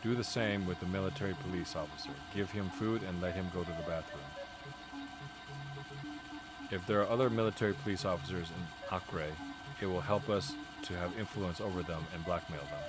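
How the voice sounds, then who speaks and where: A man's voice: deep voice, a little fast, loud music behind the voice, lightly acted. Man reading as a cold guerrilla boss. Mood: commanding. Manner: cold, commanding. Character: ruthless male guerrilla leader giving orders.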